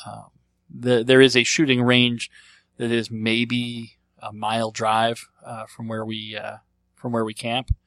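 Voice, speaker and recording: Male host, mid pitch, casual rambling chat answering questions, dry close recording. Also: completely flat delivery, a little slow, a bit bright, dry recording. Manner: rambling and conversational, thinking aloud. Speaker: podcast host.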